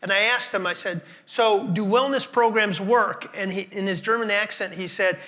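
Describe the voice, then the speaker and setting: A man's voice: high-pitched, normal speed, hardly any pauses, sharp tone. A man speaking at a conference, telling stories and repeating words for emphasis while questioning the audience. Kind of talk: conference talk.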